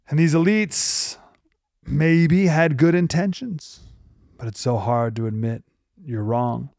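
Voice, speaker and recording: A man with a gravelly, creaky voice leads a Bible teaching talk as a radio host. He speaks with emphasis and slows down to stress key phrases. His voice is recorded close and dry, with no room echo. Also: fairly high pitch, a little mellow.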